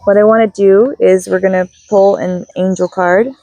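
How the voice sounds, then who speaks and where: A woman who is a spiritual guide. She leads a soft, unhurried guided meditation and then chats casually through a card reading, recorded on a phone with a clip-on mic. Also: mid-range voice, steady tone, dry recording, low-quality recording. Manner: soft and unhurried while guiding, chatty and apologetic between. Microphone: phone with a clip-on microphone.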